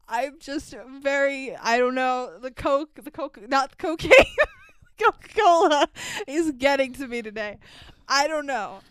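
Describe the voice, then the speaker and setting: Giggly high-voiced woman podcaster. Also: measured pace, dry recording. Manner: giggly, profane, animated storytelling. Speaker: podcast co-host. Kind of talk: casual chat recapping a movie.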